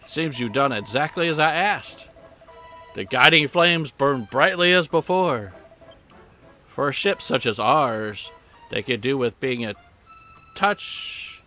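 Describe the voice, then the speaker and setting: Raspy scheming ship boss guy, cold and creepy, voice bouncing up and down, streamer guy doing it. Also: mid-range voice, animated, takes it slowly, pauses often, bright, forceful tone, faint music behind. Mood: coldly menacing. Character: sinister male ship master, cold and scheming. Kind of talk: reading game dialogue aloud.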